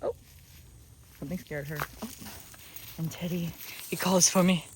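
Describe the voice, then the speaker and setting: A woman's voice: fairly low pitch, fairly even intonation, normal speed, slight background noise. A young woman chatting casually to her phone camera as she walks her dog on an outdoor trail. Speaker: vlogger. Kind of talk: casual vlog talk to camera.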